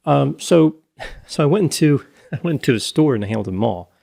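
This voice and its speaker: A man's voice: medium pitch, lively intonation, a little fast, vocal fry, mellow. A middle-aged man co-hosting a podcast, telling a rambling story in casual chat and correcting himself as he goes. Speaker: podcast co-host.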